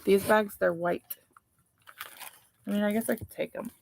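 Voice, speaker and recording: A woman's voice: mid-range voice, steady tone, normal speed, gravelly, very noisy. A woman vlogging live from her dining room, chatting and thinking aloud as she sorts craft supplies. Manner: chatty, rambling, thinks aloud while sorting. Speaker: mom vlogger hosting a livestream. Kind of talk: casual live decluttering chat.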